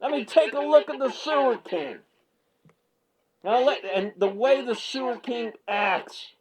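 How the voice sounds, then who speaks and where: Male host, husky, high and animated, excitable rambling reaction rant. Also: measured pace, low-quality recording. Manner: fired-up, ranting, repeats himself, stammers when excited. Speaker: MMA media commentator and channel host. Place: small home video set.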